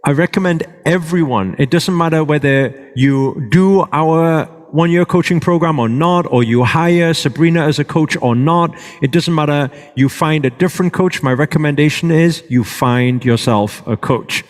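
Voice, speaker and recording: A man's voice: fairly high pitch, moderate pace, hardly any pauses. A man teaching a live workshop to an audience, checking in with them often and moving around as he speaks. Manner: moves around while speaking. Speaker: workshop presenter. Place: large hall with a live audience. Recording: reverberant hall.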